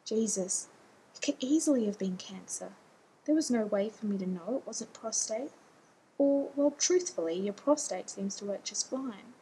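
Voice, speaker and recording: A woman's voice: mid-range voice, animated, warm tone, a little hiss or hum, close to an everyday voice, poor audio. A woman reading a story aloud, voicing an anxious, fussy man who rambles and snaps when nervous. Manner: nervous, quick to snap.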